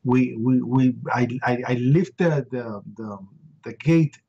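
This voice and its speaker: A middle-aged man, an interview guest, recounting a harrowing first-hand story with emotion, repeating words and acting out shouts. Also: mid-range voice, slow, lo-fi sound.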